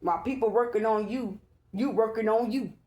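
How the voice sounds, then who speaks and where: A chatty woman gives a casual spiritual tarot reading in a fairly high, a little mellow voice at a fairly quick clip. She's emphatic and preachy, repeating "okay?" often.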